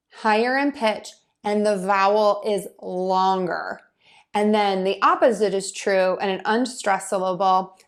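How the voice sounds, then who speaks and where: Woman teacher, calm and methodical, lots of ums, middle pitch, just explaining stuff. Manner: patient, methodical, with frequent um fillers. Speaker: pronunciation teacher. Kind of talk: casual explanatory lesson.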